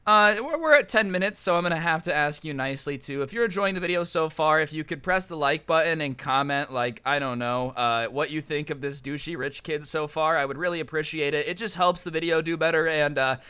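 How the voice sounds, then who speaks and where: A young American man telling a comedic storytime monologue, animated and sarcastic, with quick asides. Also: on the high side, clear, resonant tone. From United States. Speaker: storytime YouTuber.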